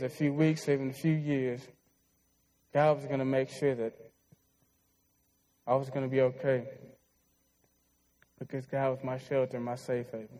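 Earnest young male preacher, mellow tone. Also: medium pitch, poor audio. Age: 20s. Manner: earnest, heartfelt storytelling. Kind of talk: sermon.

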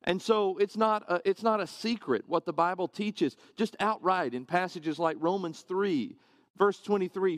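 A man's voice: sits high, no room sound, studio quality. A man preaching a sermon to his congregation, earnest and conversational, often asking rhetorical questions.

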